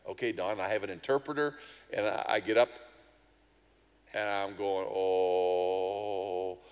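A man's voice: lowish voice, normal speed, in a large hall. A middle-aged man, a pastor, telling a personal story in a sermon, acting out voices and sounds with self-deprecating humor.

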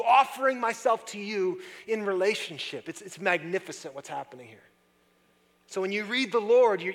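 A man preaching a sermon as pastor, talking conversationally and swinging between hushed, soft passages and loud, excited ones. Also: on the high side. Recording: long reverb of a large hall.

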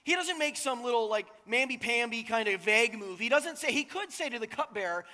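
A man's voice: very high voice, expressive, fairly quick, few pauses, sharp tone. A man in his thirties preaching a sermon in a casual, joking, conversational way, often checking in with the crowd. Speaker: pastor. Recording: long reverb of a large hall.

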